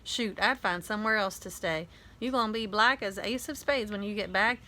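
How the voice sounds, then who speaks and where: A woman's voice: medium pitch, normal speed, pushed and bright, close to an everyday voice. A woman reading a storybook aloud, voicing a brash teenage boy who complains in slang. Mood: complaining.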